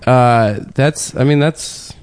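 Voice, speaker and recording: A man on a casual podcast trading dry, deadpan one-liners. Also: medium pitch, slow pace, smooth. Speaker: podcast co-host.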